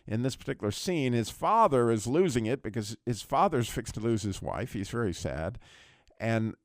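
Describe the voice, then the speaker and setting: Male faith-radio host, earnest rambler, lively pitch, dry studio sound. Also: normal speed, no room sound. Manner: earnest, rambling, repeats words while retelling a film. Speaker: radio talk show host. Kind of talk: Christian radio talk.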